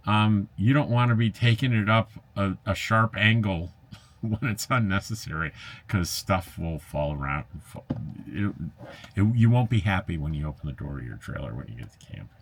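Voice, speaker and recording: A man's voice: deep voice, lively intonation, normal speed. A man, an RV travel vlogger, casually reads viewer comments aloud and answers them in a chatty, easygoing way. He uses lots of fillers, laughs lightly, and has a wry, slightly sarcastic edge.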